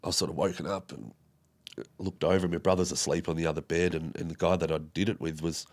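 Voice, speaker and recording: A young Australian man from Tasmania, a podcast guest recounting a personal story in a halting way, with many fillers and restarts. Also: low-pitched, fairly even intonation, darkish tone.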